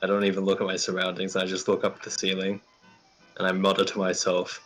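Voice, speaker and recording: A man playing a tabletop role-playing game, describing his character's actions in a gruff, swearing manner. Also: low voice, completely flat delivery, fast, a bit bright, soft background music. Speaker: player. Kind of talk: casual tabletop role-play.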